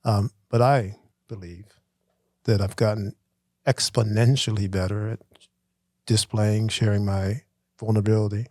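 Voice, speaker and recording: A middle-aged man co-hosting a casual conversation, talking in a thoughtful, halting and self-reflective way. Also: on the low side, steady tone, darkish tone, dry recording, clean studio sound. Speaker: podcast co-host.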